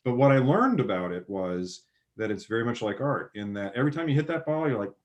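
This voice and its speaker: A man talking as a guest on a podcast, expressive and acting out what others say. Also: mid-range voice, brisk. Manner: expressive, acting out quoted speech. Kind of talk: casual conversation.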